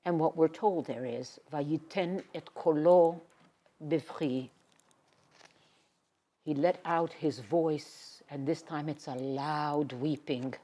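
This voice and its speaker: A woman giving a Torah lecture. She reads Hebrew verses and then translates them, sinking to a hushed whisper on emotional words. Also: sits low, slow pace. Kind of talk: expressive Bible lecture.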